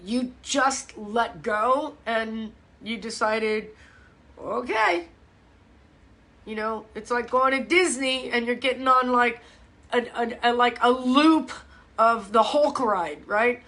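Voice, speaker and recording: A woman's voice: fairly high pitch, takes it slowly. A middle-aged woman fitness coach chatting casually to viewers on a live stream from her phone. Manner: chatty, animated, talks straight to viewers.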